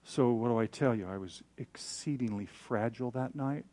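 With a mellow, medium-pitched voice at a moderate pace, a preacher recounts a personal anecdote in his sermon. He's candid and pokes fun at himself, imitating the voices of the people in the story.

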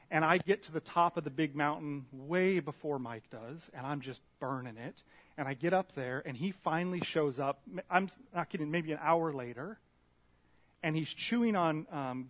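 A man preaching a sermon in a church room, telling a story in an animated, self-deprecating way. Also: on the high side, moderate pace. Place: church meeting room with a slide screen.

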